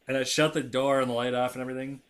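A man's voice: medium pitch, racing. Guy in his 30s telling a story on a podcast, swears a lot, acts out both sides. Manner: profane, animated storyteller acting out dialogue. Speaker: podcast co-host. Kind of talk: casual storytelling.

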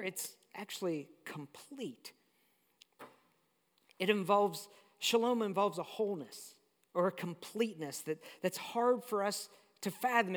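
A pastor preaching a sermon in a conversational, storytelling way. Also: mid-range voice. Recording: long hall reverb.

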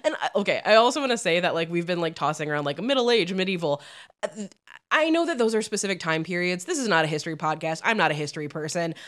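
A woman's voice: fairly low pitch, lively intonation, fast talker, fairly bright tone. A woman co-hosting a podcast in casual chat, rambling with lots of fillers and frequent laughs. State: lingering brain fog from illness. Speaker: podcast co-host.

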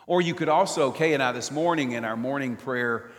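A man's voice: mid-range voice, brisk. Older man preaching in a reverberant church. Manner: expressive, swings from loud emphasis to near whisper. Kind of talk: sermon. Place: church nave.

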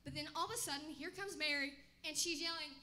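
A woman playing an excitable male fisherman disciple in a comic church skit, rambling and eager, bursting into shouts. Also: high voice, fast. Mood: storytelling.

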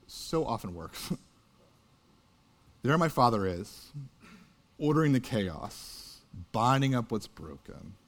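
A man in his thirties, a pastor, telling a story in a sermon in an earnest, conversational way. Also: mid-range voice. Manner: earnest, conversational, builds to loud animated peaks.

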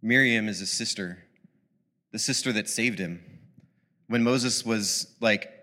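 A man's voice: lowish voice, measured pace, pushed and bright. Man preaching in a reverberant hall. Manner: casual, rambling, many fillers and restarts. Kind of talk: sermon.

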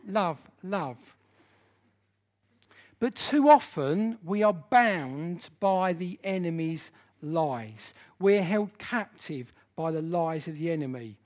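A man's voice: high voice, darkish tone. A man teaching a church Bible study class, speaking earnestly and with emphasis.

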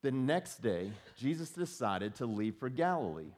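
A man's voice: medium pitch, sing-song, unhurried, darkish tone. Conversational male pastor preaching. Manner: conversational, repeats words when starting a thought; acts out quoted voices. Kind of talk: sermon.

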